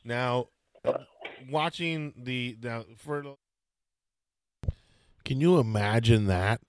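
A man's voice: medium pitch, slow, clear, resonant tone, dry recording. A man hosting a podcast, introducing a guest and asking questions in hesitant casual chat. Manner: hesitant, many fillers. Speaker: podcast host. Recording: dry close sound.

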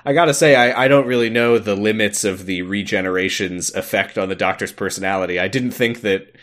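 A podcast co-host casually recaps an episode, acting out the characters' lines. His voice is fairly low, brisk, and fairly bright in tone.

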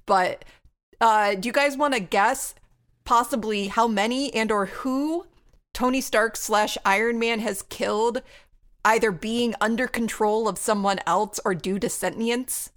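A woman's voice: a little high, measured pace. Informative woman co-hosting a podcast. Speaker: podcast co-host. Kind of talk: casual chat.

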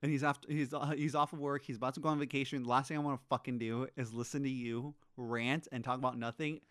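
A man's voice: mid-range voice, steady tone, fast talker, fairly bright tone, dry recording, clean studio sound. A man chatting casually about a movie, swearing freely and giving his opinions. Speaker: podcast co-host. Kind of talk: casual chat, movie recap.

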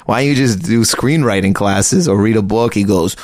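A man, a stand-up comedian, telling animated stories in a casual chat, laughing as he talks. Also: fairly low pitch, moderate pace, dry recording, studio quality.

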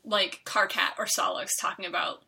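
A young woman co-hosting a podcast, chatting in a rambling, animated way. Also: mid-range voice, creaky. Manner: rambling, animated, quick to laugh. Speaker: podcast co-host. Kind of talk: casual chat.

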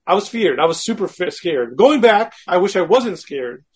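A man with a high, husky voice tells a story as a guest. He is animated and frank, and he pokes fun at himself as he acts out what he was thinking. The delivery stays conversational and casual. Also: normal speed. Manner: animated, acts out his own quoted thoughts.

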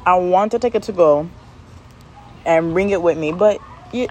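A woman's voice: a little high, fairly quick, slight background noise, low-quality recording. Woman venting casually outdoors on phone. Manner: rambling, venting, animated asides. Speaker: podcast host. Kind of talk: casual rambling monologue. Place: outdoors in the shade.

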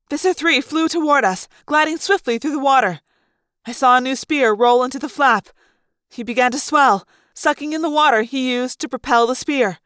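Lively woman reading a story aloud. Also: high voice, moderate pace, no echo. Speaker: audiobook reader. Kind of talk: expressive first-person book narration.

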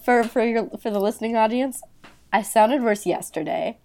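Young woman co-host, raspy sick voice, casual and easygoing. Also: fairly high pitch, normal speed, a little mellow. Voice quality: raspy, like a chain smoker. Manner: laid-back, laughs often, swears casually. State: hoarse from a cold. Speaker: podcast co-host. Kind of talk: casual chat.

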